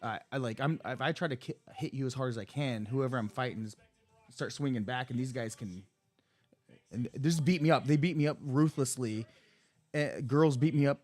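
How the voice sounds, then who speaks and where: A man's voice: mid-range voice, normal speed, a little mellow. Rambling, profane man telling a story. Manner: rambling, profane, many restarts and fillers. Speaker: podcast guest. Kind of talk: casual storytelling chat.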